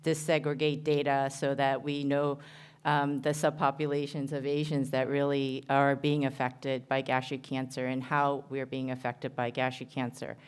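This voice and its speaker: A woman with a New Jersey accent presents at a medical conference, earnest and a little halting, often pausing on "um" and restarting her sentences. Her voice sits low and comes across smooth and clear. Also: little pitch movement. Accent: American, New Jersey. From Korea. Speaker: surgeon giving a conference talk.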